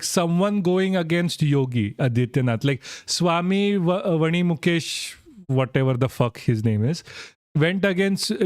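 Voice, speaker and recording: A man's voice: fairly high pitch, a little mellow, clean tone, no room sound, clean studio sound. A young man streaming and reacting to a clip, giggling and swearing as he chats with his viewers. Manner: giggly, swearing, laughing through words. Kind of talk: casual reaction stream chat.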